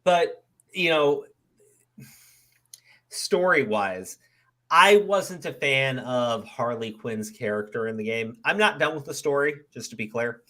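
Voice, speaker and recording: A man's voice: mid-range voice, animated, takes it slowly, sharp tone. A man hosting a podcast in casual chat, rambling and often restarting his sentences, with frequent casual swearing. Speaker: podcast host.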